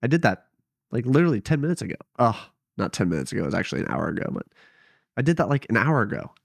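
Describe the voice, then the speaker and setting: A young man talks into a headset mic at home, rambling and hesitant, often doubting himself aloud. His voice sits at an ordinary middle pitch. The sound is close and dry with no room echo. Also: big pitch swings, rapid-fire, creaky. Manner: rambling, hesitant, self-deprecating. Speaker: vlogger. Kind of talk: casual late-night vlog.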